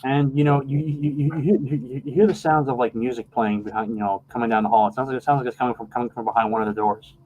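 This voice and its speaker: Rambling game master, halting and relaxed. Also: male voice, mid-range voice, phone-quality sound. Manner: rambling, halting with many restarts. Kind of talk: narrating a tabletop game.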